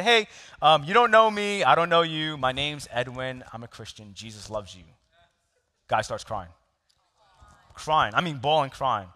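A pastor preaches to his congregation, spinning a personal story with quick laughs and direct questions to the room. His voice is bright and forward, and it rings out with a long reverb in the hall. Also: medium pitch. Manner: storytelling with laughs and audience asides. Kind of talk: sermon.

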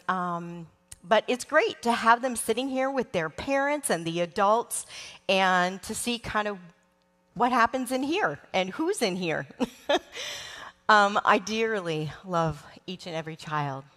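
Middle-aged woman preacher, unhurried and heartfelt, speaking into a stage mic in a reverberant sanctuary. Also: on the low side. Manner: warm, emotional, slow and earnest with frequent ums. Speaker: children's ministry leader. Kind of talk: church sermon. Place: large church sanctuary. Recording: long church hall reverb.

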